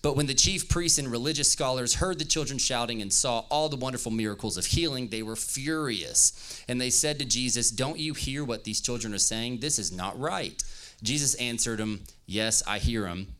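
A man's voice: medium pitch, normal speed, sharp tone. A man preaching as pastor, reading scripture aloud and joking playfully with his audience. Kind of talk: lively youth-service sermon with scripture reading.

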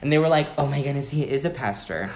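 A man telling a story in casual chat, acting out quotes with sudden high-pitched jumps. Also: lively intonation, fast. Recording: roomy echo.

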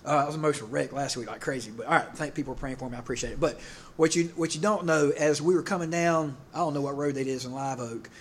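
A middle-aged man, preaching a casual sermon in a rambling, halting way, full of fillers and restarts. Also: fairly high pitch, a little hiss or hum. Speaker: pastor.

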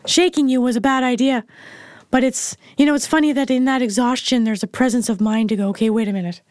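A woman's voice: high-pitched, steady tone, fairly quick, a little mellow, no room sound. Frank middle-aged woman, dry sound. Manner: frank and blunt, plain-spoken. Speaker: interview guest, mother of the host. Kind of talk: candid personal storytelling.

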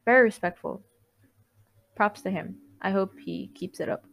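A young woman at an ordinary pitch talks straight to her listeners in a casual confessional monologue. She rambles, cuts herself off mid-thought and giggles between lines, candid and heartfelt. She sounds like a podcast host chatting on her own show. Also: normal speed, creaky. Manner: rambling, self-interrupting, giggly.

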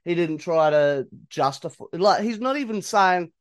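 A man's voice: sits high, expressive, normal speed. A man co-hosting a casual podcast, retelling a story and asking questions with casual swearing. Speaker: podcast co-host.

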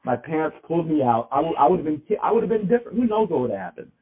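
A man's voice: fairly high pitch, very animated, rapid-fire. A man co-hosting a podcast, talking in a loose, rambling way with many restarts. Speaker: podcast co-host. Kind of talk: casual podcast chat. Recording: tinny phone-like sound.

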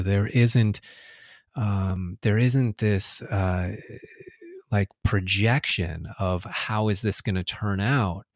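A man's voice: fairly low pitch, dry recording, clean studio sound. A man talking reflectively in a casual spiritual conversation, laughing often and restarting his sentences.

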